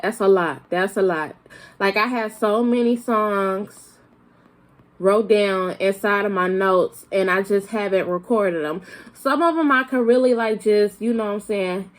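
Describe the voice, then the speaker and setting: A woman's voice: mid-range voice, measured pace. A young woman vlogger with a slight Southern country accent, chatting casually and rambling with lots of fillers and restarts. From Flint, Michigan, raised in Arkansas. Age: young adult. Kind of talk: casual chat to camera.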